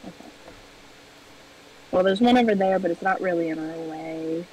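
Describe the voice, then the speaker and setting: A woman streamer chatting casually over a game, joking in a playful, deadpan way. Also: on the low side, moderate pace, distant mic, slight background noise, low-quality recording. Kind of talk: casual gameplay chat.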